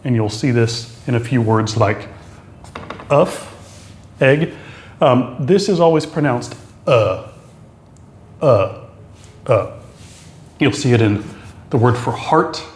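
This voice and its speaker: A man explaining French accent marks in a lesson, pausing often with fillers and restarting his sentences. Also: mid-range voice, roomy sound. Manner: halting, many fillers and restarts. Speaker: French teacher.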